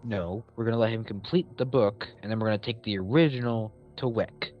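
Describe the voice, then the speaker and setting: A player with a lowish voice who sounds flat and resigned. His voice comes through a dull lo-fi mic, with faint music behind. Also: fairly quick.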